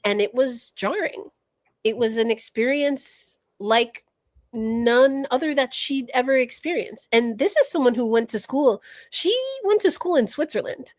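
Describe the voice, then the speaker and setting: In an unhurried, fairly high voice with lively intonation, a woman co-hosts a casual livestream discussion as a podcast co-host. She talks thoughtfully and reflectively, frequently restarting her sentences while she works through her thoughts. The recording has no room sound.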